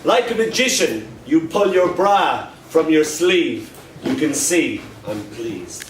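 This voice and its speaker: Deadpan male poet in an echoey club. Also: fairly high pitch. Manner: dry, deadpan humor between slow recited lines. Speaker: performance poet. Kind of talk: live poetry reading with wry banter. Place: live performance at a pub club night. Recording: echoey room, distant mic, noisy.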